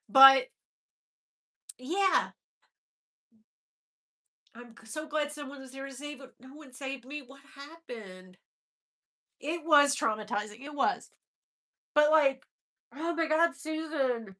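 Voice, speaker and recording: A woman hosting a livestream tells her viewers a personal story, candid, emotional and casual, with some swearing and greetings to the chat. Her high voice is bright and forceful, unhurried, with long pauses.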